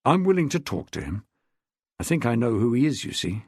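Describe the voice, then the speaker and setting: A man reading a blunt, gruff middle-aged detective from an audiobook, speaking low and dry with a husky edge and rising sharply when a point lands. The manner is curt, with a growl under it. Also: very animated, fairly quick, no echo. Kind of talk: audiobook character voice.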